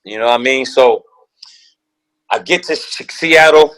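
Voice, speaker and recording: A man's voice: mid-range voice, a little slow, a bit bright, poor audio. A man guest telling a story with slang and profanity, acting out the quoted voices of other people. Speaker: guest, former pro basketball player. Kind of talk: animated storytelling.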